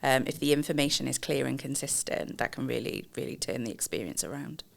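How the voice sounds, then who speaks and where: A woman, a customer experience director, explaining in a measured way with frequent pauses and fillers in a podcast interview. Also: a bass voice, creaky. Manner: measured, explanatory, many ums.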